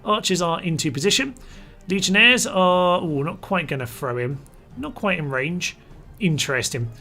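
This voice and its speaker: Guy narrating his strategy game live, bossing his troops around in a chatty way, fairly high, bright punchy voice. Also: expressive, moderate pace, soft background music. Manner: chatty, talks his units through orders. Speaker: gaming channel host.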